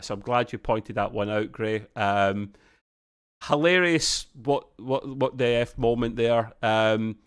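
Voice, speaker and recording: A man's voice: mid-range voice, slow pace, clear, resonant tone. Chatty man reviewing a show. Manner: rambling, chatty, with frequent restarts. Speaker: podcast co-host. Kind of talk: casual TV review chat.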